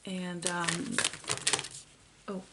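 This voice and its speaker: A woman giving a pick-a-card tarot reading, talking softly and encouragingly with frequent pauses and fillers. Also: on the low side, completely flat delivery, heavy background noise. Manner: soft, unhurried and encouraging, with many fillers.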